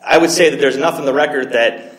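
A man arguing as an attorney in a court, measured and halting, often repeating words as he makes his case. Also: a little high. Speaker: appellate attorney. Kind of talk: courtroom oral argument. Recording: roomy courtroom echo.

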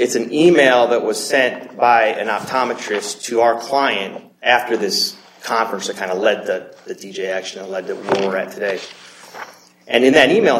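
Lawyer guy arguing his case, lowish voice, stops and repeats himself a lot, roomy echo. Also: slight background noise. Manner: measured, halting, repeats words while arguing. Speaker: appellate attorney. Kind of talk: courtroom oral argument. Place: courtroom.

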